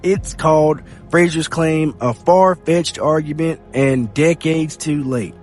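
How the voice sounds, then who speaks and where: A man hosting a podcast, reading news reports aloud in a steady read-aloud delivery. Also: on the high side, takes it slowly. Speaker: podcast host. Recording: faint music bed behind.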